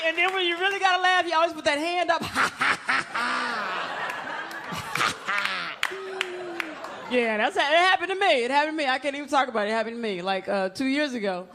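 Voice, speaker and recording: Brash female stand-up comic, high voice, live club mic with laughing crowd and noise. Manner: brash, playful, acts out little scenes. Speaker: stand-up comedian. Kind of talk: stand-up comedy set. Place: comedy club stage in front of a live audience.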